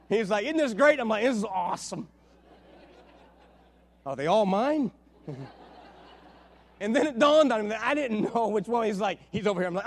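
A male pastor preaching with a high, lively voice, acting out stories with bursts of energy. He often drops to a quiet, intimate hush for the serious moments of his sermon. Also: moderate pace, long pauses. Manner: storytelling, animated, drops to a hushed tone.

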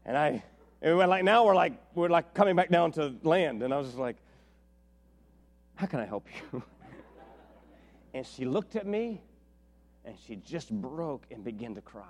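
A man preaching a sermon as a pastor, telling a story with lively acted-out dialogue. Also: fairly high pitch, measured pace, long pauses. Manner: animated storytelling, acts out dialogue with big swings in loudness. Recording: long reverb of a large hall.

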